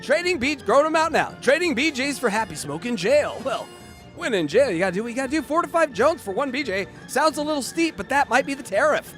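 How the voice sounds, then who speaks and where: Giggly, self-mocking male comedy host, high voice with a bright edge. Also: big pitch swings, quick pace, faint music behind. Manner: laughing, self-mocking, crude jokes. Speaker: podcast host. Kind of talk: casual comedic chat.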